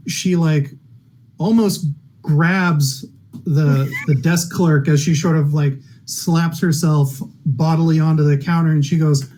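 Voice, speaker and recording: A man's voice: on the high side, warm tone, rough recording. A man narrating a tabletop game as game master, rambling through his scenes with many fillers and restarts and briefly voicing characters.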